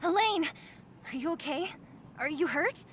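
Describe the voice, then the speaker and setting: An actress playing a brisk, take-charge young woman in a video game, commanding and urgent. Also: very high-pitched, lively intonation, a bit bright, slight background noise, exaggerated voice.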